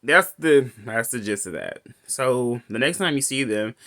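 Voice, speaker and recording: Male reviewer, casual rambling recap, very lively pitch. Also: a little slow. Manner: rambling, restarts often, laughs between lines. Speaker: movie reviewer.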